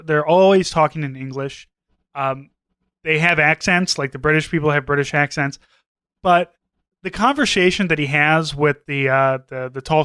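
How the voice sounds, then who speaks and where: A man's voice: a little high, sharp tone, clear, resonant tone, no echo. A man co-hosting a podcast, casually rambling through a story, full of fillers, quoting characters and swearing. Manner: rambling, retells scenes with quoted voices, swears. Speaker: podcast co-host. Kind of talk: casual chat.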